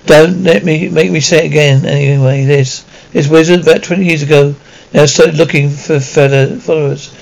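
A man doing a gruff rambling giant groundskeeper. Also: on the high side, steady tone, a little mellow, poor audio. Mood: grave. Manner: rambling, folksy, halting with restarts. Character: huge gruff kindly male giant groundskeeper. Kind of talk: audiobook character reading.

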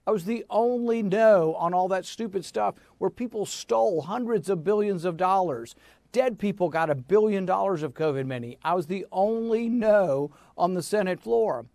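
High-voiced emphatic man, dry sound. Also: normal speed, no room sound. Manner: emphatic, animated storytelling. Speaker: senator, interview guest. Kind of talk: interview answer.

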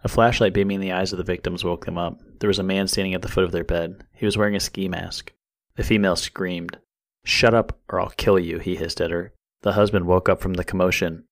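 A deep-voiced man reads through true crime case details at an even, steady clip. He sounds like a podcast co-host walking listeners through the facts.

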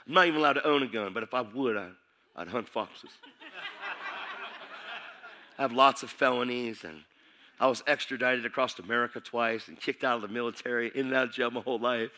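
Male preacher, middle-aged, bright forceful tone, fired-up sermon delivery. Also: medium pitch, brisk, long pauses, slight background noise. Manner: excitable, preaches with rising intensity.

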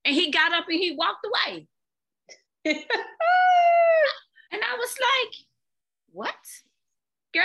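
A woman guest, a fitness coach, telling her own story candidly, animated and often repeating words. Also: fairly high pitch. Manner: animated, repeats words, talks to listeners as "y'all".

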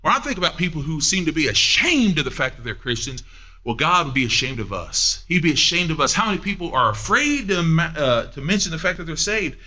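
A man preaching a sermon, emphatic, asking the listeners questions and swinging between loud and hushed. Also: fairly high pitch, very animated, fairly quick. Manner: asks the audience questions.

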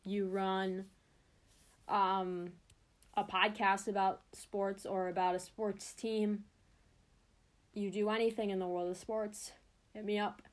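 A woman's voice: mid-range voice, level tone, slow pace, pauses often. A young woman hosting her own sports podcast, talking in a chatty, rambling way and cutting herself off. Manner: chatty and rambling, self-interrupting. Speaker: podcast host. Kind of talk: casual solo podcast chat.

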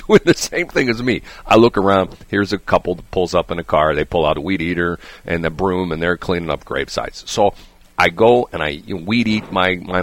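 Low-voiced man telling a rambling story. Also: dry recording. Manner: rambling, animated, frequent restarts and "okay?" asides. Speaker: radio show host. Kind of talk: casual storytelling chat.

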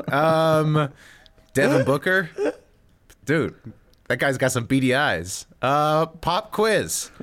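A man's voice: fairly high pitch, fairly bright tone. A man co-hosting a podcast, trading sarcastic, jokey banter about sports teams. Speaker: podcast co-host.

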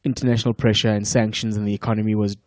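A man's voice: lowish voice, racing, dry recording, clean studio sound. South African man in casual podcast chat. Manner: relaxed storyteller, profane, laughs often. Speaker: podcast guest.

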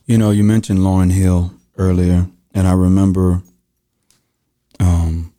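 Deep-voiced male podcast host. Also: flat delivery, measured pace, warm tone. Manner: thoughtful, storytelling with restarts. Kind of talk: casual interview chat.

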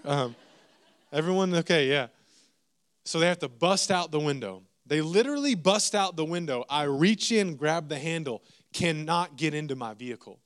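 A man, preaching a sermon as a lively, self-mocking story with asides to the congregation. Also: a little high.

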